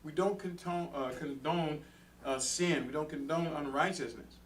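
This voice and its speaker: A man's voice: fairly high pitch, moderate pace. A man teaching a conversational Bible study sermon, earnest and direct, talking to the room and acting out everyday quarrels. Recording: distant mic with faint background noise.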